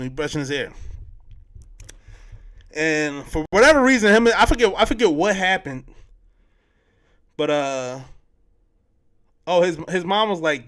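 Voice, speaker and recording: A man's voice: on the high side, lively intonation, normal speed, pauses often, fairly bright tone. A man hosting a podcast, recapping a film in loose, slangy casual chat, full of fillers and restarts. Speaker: podcast host.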